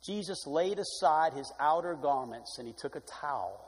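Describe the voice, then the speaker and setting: A male pastor delivering a sermon, swinging from loud emphatic calls to hushed, soft passages. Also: a little high, expressive, moderate pace, husky. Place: church sanctuary. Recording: long hall reverb.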